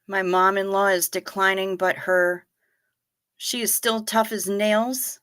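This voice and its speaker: A middle-aged woman hosting a livestream, chatting casually, reading viewer comments and telling stories in an animated, direct way. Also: medium pitch, slow, smooth, dry recording. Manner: animated storyteller, talks straight to viewers. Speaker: livestream host.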